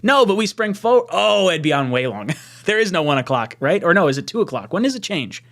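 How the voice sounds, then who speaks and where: A young man hosts a laid-back live stream, reading viewer comments aloud and laughing frequently. His voice sits high and a bit creaky, his pace is brisk, and it spikes upward when he gets excited.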